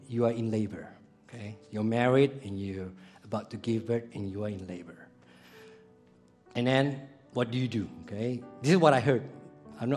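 Animated male pastor preaching over soft music. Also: mid-range voice. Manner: animated, swinging between loud exclamations and soft quiet asides; rhetorical questions and storytelling. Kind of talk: sermon.

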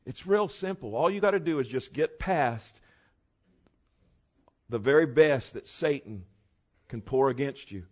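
Guy preaching a sermon, tells stories, gets loud and punchy at the big points. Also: mid-range voice, expressive, measured pace, long pauses. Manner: storytelling, rising to loud emphatic peaks.

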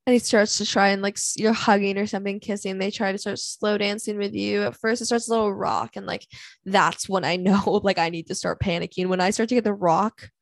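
A woman's voice: medium pitch, steady tone, brisk, gravelly, no room sound. A young woman hosting a solo podcast, ranting bluntly and dramatically about dating pet peeves, swearing freely and sighing often. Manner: blunt, profane and dramatic, with frequent sighs. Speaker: podcast host. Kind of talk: candid solo podcast rant.

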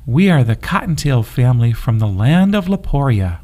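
A man voicing a shy, hesitant young bunny in a children's story, stammering slowly and whispery. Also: mid-range voice, sing-song, a little mellow, natural voice.

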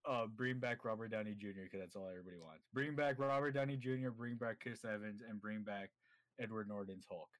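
A man's voice: on the low side, a little fast, a bit bright, no echo. A man chatting casually as a podcast co-host, rambling with many fillers and frequent laughter.

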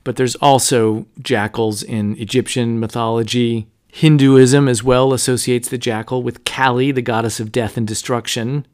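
A man hosting a podcast, talking through a novel in a low-key, conversational way with frequent fillers. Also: level tone, moderate pace, hardly any pauses, a little mellow. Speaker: podcast host. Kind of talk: casual book discussion.

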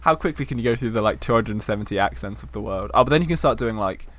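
A man's voice: lowish voice, animated, a bit bright. A young man hosting a podcast, chatting casually, teasing his guest and laughing readily. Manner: playful, teasing, quick to laugh. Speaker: podcast host. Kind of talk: casual chat.

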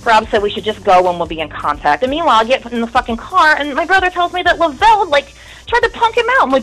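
A woman's voice: high-pitched, expressive, fast talker, fairly bright tone, rough recording. Candid woman in her thirties swearing freely. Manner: candid, rambling, swears often. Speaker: guest. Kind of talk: casual interview storytelling.

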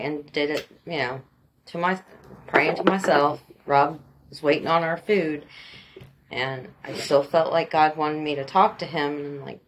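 A woman's voice: low voice, normal speed, slight background noise. A woman, co-hosting a faith podcast and telling a story in casual chat, laughing easily. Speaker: podcast co-host.

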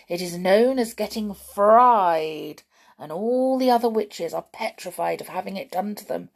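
An excited old grandmother who is sharp, fond and eager for news, as a woman reads her. She swings between hushed, secretive words and sudden loud cries, with a gravelly edge to her voice. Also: medium pitch.

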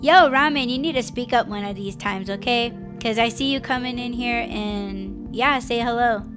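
Woman, podcast host, live stream, slow unhurried delivery, emotional and candid, swears freely, faint background music. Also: on the high side.

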